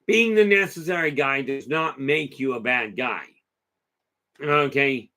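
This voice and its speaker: This host has a mid-range voice with a sharp tone and talks a little slowly. During a casual live talk, he chats his way through a long story, frequently restarting and wandering into asides while responding to viewers' comments.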